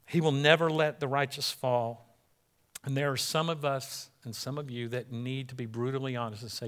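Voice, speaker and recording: A middle-aged man preaching a sermon as pastor, animated and acting out the people he quotes. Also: medium pitch, normal speed.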